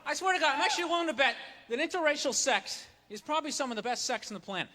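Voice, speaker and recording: A man doing a stand-up comedy set on stage, ranting loudly and mocking, on a handheld mic. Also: very high voice, expressive, very fast, big-room sound. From United States. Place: comedy stage before a live audience. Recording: live club recording with crowd laughter. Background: audience laughter.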